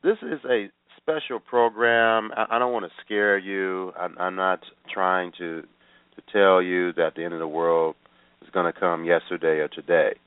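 A man's voice: deep voice, flat delivery, unhurried, clean tone, dry recording. A man hosting a radio Bible teaching program, talking earnestly and repeating himself with fillers. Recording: tinny phone-line sound.

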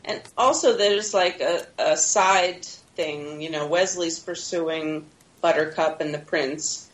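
A woman with a somewhat low voice co-hosts a casual podcast chat. She retells a film's plot scene by scene, often laughing and acting out quoted lines. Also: slow, rough recording. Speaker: podcast co-host. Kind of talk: casual movie recap chat.

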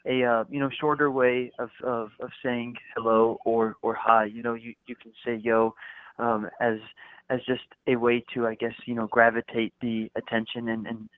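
A man's voice: mid-range voice, flat delivery, moderate pace, no echo. A man from the United States, a food company founder, talks as a guest in a casual radio interview, hesitant and full of restarts and fillers. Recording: tinny phone line.

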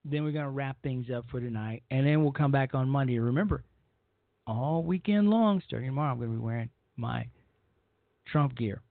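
A man's voice: mid-range voice, fairly even intonation, quick pace, creaky, no room sound. A man hosting a talk radio show, giving a blunt, rambling opinion monologue and often repeating himself. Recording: dry, phone-like narrow sound.

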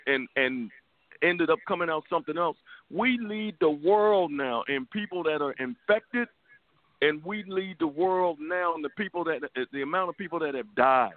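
A man co-hosting a talk radio show, heated and profane, repeating words as he goes. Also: on the high side. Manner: stammering repetitions, heated and profane. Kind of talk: casual political talk radio. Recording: tinny phone line.

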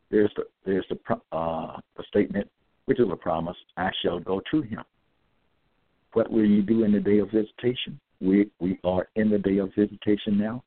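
Gravelly man preaching over tinny audio. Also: fairly low pitch, no room sound. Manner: repetitive, emphatic, reads out verse references. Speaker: self-styled religious preacher. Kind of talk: scripture-quoting monologue. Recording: tinny phone-like dry audio.

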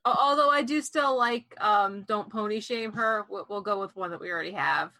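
A woman's voice: medium pitch, brisk, pushed and bright, no echo. A woman joining a casual podcast as a guest, chiming in with jokes. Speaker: field correspondent guest. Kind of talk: casual chat.

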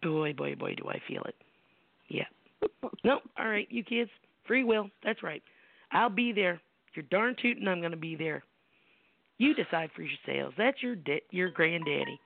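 On a tinny, dry phone line with no room sound, this middle-aged psychic medium from the United States hosts her call-in show. Her gravelly, lowish voice has lively intonation at normal speed, broken by long pauses. She shares personal stories emphatically and bluntly, salting them with rough language and rhetorical questions.

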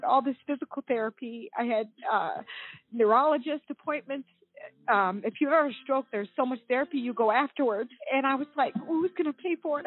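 A woman in her forties tells her story as a guest over the phone. Her slightly high voice has a husky edge and comes through a dry, narrow phone line. She speaks earnestly, pausing and restarting often. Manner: earnest, halting, restarts mid-sentence. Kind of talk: recounting a personal story on a call-in show.

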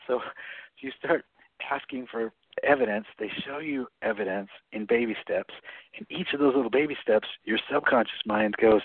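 Husky-voiced man on a tinny phone line. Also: medium pitch, very animated, moderate pace, no room sound. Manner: chatty, frequent "right?" tags and laughs. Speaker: guest author. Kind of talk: radio interview, explaining.

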